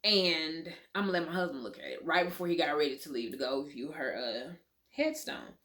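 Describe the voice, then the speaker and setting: A woman's voice: deep voice, lively intonation, moderate pace, a bit bright. A young adult woman, telling a personal story in a candid storytime vlog, swearing freely and calling her viewers y'all. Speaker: vlogger.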